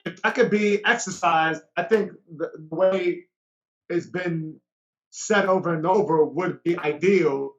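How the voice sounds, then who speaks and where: A man's voice: high-pitched, a little slow, lo-fi sound. A man who is a comedian guest, telling a story in casual chat and acting out other people's lines.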